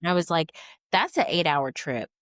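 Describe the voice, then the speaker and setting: A woman in her thirties from Kentucky, a bookstore owner telling lively stories in casual chat, acting out the people she quotes. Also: fairly low pitch, moderate pace, dry recording, clean studio sound. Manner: animated, acts out quotes with voices. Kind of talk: casual storytelling.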